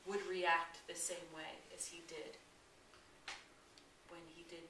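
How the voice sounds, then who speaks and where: A woman spiritual teacher telling a parable as a lesson, asking her listeners gentle questions and sometimes dropping to a hush. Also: on the low side, level tone, slow. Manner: gentle, questioning, at times hushed. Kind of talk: storytelling lesson. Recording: echoey room, distant mic, noisy.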